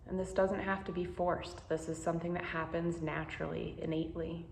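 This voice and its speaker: A woman guiding a meditation, speaking slowly and gently with soothing instructions. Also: lowish voice, flat delivery, reverberant, a little hiss or hum. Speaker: meditation guide. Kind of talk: guided meditation.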